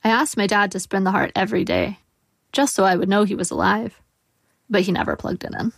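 Woman author in her forties, gravelly, measured and wry first-person essay reading. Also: medium pitch, animated.

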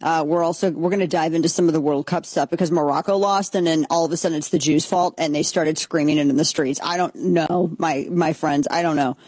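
A woman hosting a political talk show, giving blunt, sarcastic commentary in an animated way. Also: deep voice, a little fast, few pauses, dry recording. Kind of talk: opinionated commentary.

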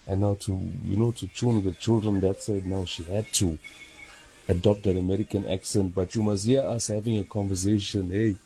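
A man calling a radio show, telling a story with animated local slang. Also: fairly low pitch, moderate pace, poor audio. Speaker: caller. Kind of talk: casual phone-in chat.

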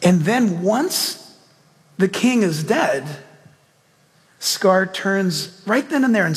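A man's voice: high-pitched, big pitch swings, slow, long pauses, in a large hall. A male pastor preaching a sermon, telling a story with emphatic rhetorical questions and ending in prayer.

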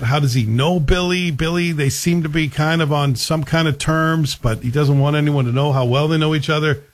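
In a loose, conversational way, a man reviews a TV series. His voice is a little high, his manner wry, and he often turns questions to the listener.

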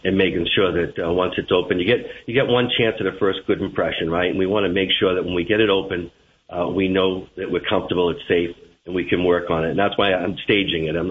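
This man talks with a Boston accent, earnest, often repeating words as he goes. His voice sits very low. He comes through a tinny phone line with faint hiss. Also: fast talker. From Boston, USA. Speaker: radio interview guest. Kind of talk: phone-in radio interview.

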